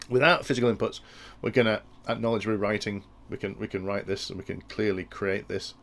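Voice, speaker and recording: Low-voiced man with gravelly tone. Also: steady tone, fairly quick, a bit bright. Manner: thinking aloud with frequent restarts. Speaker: instructor explaining industrial control. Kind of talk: technical tutorial walkthrough.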